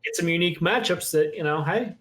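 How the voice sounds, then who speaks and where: A man's voice: fairly high pitch, fairly bright tone. A man co-hosting a sports talk show, frank and weary-sounding. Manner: weary, frank, fast opinions.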